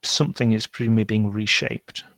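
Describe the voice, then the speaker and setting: A man narrating a tabletop game as game master, unhurried and often searching for words. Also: lowish voice, flat delivery, fairly bright tone, no echo.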